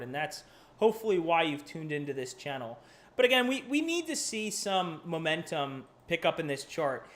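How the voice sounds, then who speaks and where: Casual live market commentary comes from a male crypto analyst and channel host on his live chart show. His voice is high with a fairly bright tone, and he talks loosely, cursing, restarting, and rambling off on asides.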